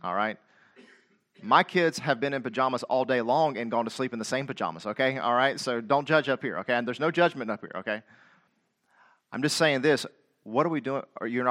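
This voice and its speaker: Preaching to his congregation, this middle-aged man asks them pointed questions and circles back on repeated phrases. His mid-range voice swells into loud, forceful quotations of scripture.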